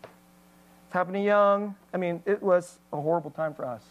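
A woman's voice: fairly low pitch, normal speed, muffled recording. Woman pastor, candid emotional testimony, lots of "like" and "you know", honest storytelling feel. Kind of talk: personal testimony in a sermon.

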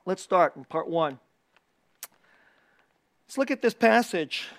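A preacher with a weekly video channel gives a casual, animated sermon, repeating key phrases and laughing often. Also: medium pitch, takes it slowly.

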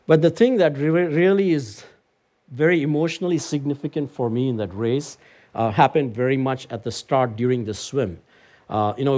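A man preaching a sermon, telling a personal story and building to emphatic, lively peaks. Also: mid-range voice. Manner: animated, climbs to emphatic heights when storytelling and preaching.

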